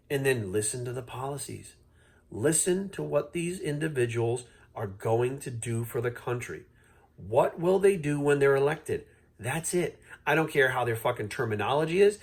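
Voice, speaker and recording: With a husky, mid-range voice, a man who coaches fitness delivers an unscripted vlog rant directly to the camera. He's heated and blunt, lecturing viewers and cursing without restraint.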